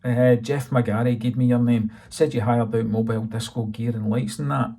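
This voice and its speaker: Audiobook figure: man reading hesitant teen boy, gravelly. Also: medium pitch, steady tone, normal speed, dark tone, natural voice.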